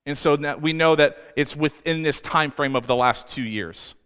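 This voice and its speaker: A man's voice: on the high side, normal speed, a bit bright, smooth. A man preaching a sermon as pastor, telling the story in a conversational way with asides. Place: church. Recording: reverberant church hall with faint music.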